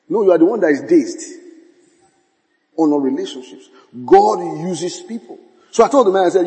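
A pastor preaching to his congregation, his fairly high voice jumping into playful quoted voices and bursts of laughter. The sound rings with the long reverb of a large hall. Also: lively intonation, normal speed, pauses often, a little mellow. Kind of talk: sermon.

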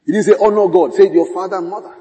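A man's voice: sits high, steady tone, rapid-fire, mellow. Preaching man in a reverberant hall. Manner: preaching with dramatic quoted voices and laughter. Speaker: pastor. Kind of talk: sermon.

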